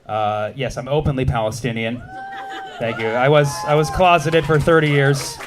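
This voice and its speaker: An American man in his thirties performs stand-up on a club stage, working the crowd quickly and with lots of energy. His voice is mid-range, and the background is noisy.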